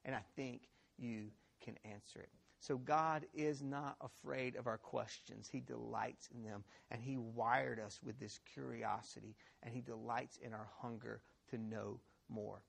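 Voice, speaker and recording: Gravelly-voiced man preaching a sermon. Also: medium pitch, unhurried, few pauses. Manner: animated, laughing storyteller with many restarts. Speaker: pastor. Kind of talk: sermon with a funny opening story. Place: church.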